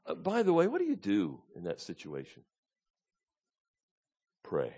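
A man preaching a sermon, drops to low, quiet asides, then rises to loud, high, pleading tones as he voices the psalmist. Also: huge pitch swings, measured pace, breathy edge. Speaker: pastor.

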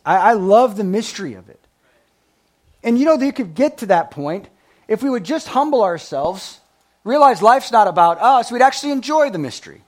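High, animated man preaching. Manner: animated, swings between loud emphasis and quiet asides; laughs at his own jokes. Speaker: pastor. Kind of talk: sermon with scripture reading.

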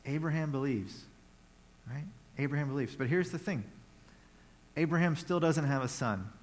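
A man's voice: fairly high pitch, normal speed, long pauses. A man preaching a conversational sermon, retelling a Bible story with playful asides.

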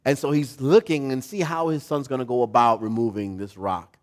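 A pastor preaching a sermon, telling a story with animation and putting questions to the congregation. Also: male voice, mid-range voice, normal speed, darkish tone.

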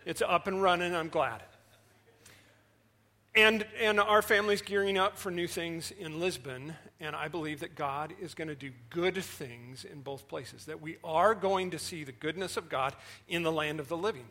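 A man, the senior pastor, preaching a sermon with animated storytelling that swings between loud and soft. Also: on the high side, normal speed.

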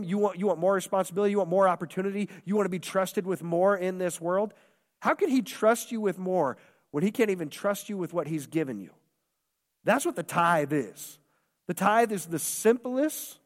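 A man preaching a sermon as pastor, impassioned and repetitive, acting out quoted voices. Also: sits high. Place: church hall. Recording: long hall reverb.

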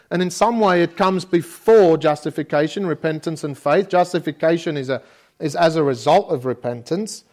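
A man's voice: fairly high pitch, darkish tone. A man preaching a sermon as pastor, in a conversational way with homely stories from family life and frequent checks like "okay?". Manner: conversational preaching with personal anecdotes; frequent restarts, asks listeners "okay?".

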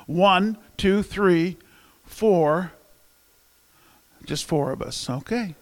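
A man's voice: high voice, lively intonation, drawn-out words, big-room sound. A male pastor preaching a sermon, telling jokes and polling the congregation in a chatty way. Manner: conversational, polls the congregation. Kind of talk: sermon with humor and audience interaction.

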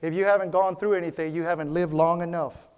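A man's voice: a little high, steady tone, quick pace, darkish tone, clean tone. A man preaching a sermon as pastor of a church, repeating his key phrases and calling out to the congregation for a response. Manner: repetitive, preacherly, calls for response.

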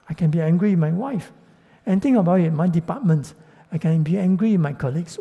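A man's voice: fairly high pitch, brisk, gravelly, warm tone. A middle-aged man preaching a sermon, speaking earnestly and addressing the congregation directly. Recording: long reverb of a large hall.

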